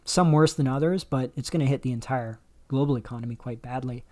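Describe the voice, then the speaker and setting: A man's voice: mid-range voice, fairly quick, a little mellow. A man hosting a casual livestream, rambling through chat questions with many fillers and restarts. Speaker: livestream host. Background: dog barking faintly.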